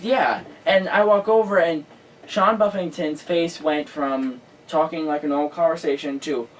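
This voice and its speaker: A male host telling a story in casual chat, excitable and full of filler words. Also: a little high, normal speed, distant mic, rough recording.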